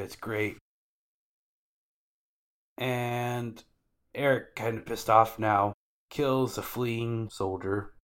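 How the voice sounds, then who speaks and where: A man co-hosting a podcast, casually recapping anime episodes in loose slangy talk and acting out the characters' lines. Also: on the low side.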